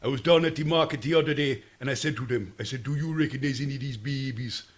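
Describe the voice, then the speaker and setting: Man doing a hushed Jamaican drawl. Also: mid-range voice, quick pace, lightly acted. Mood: rambling. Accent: Jamaican, put on. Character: laid-back Jamaican man, impression of a reggae star.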